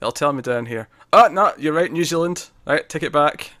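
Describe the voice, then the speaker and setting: A man's voice: on the high side, normal speed, a bit bright, no room sound. Chatty laughing man, dry close mic. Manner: chatty, laughs often, self-correcting. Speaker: podcast co-host. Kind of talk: casual movie discussion.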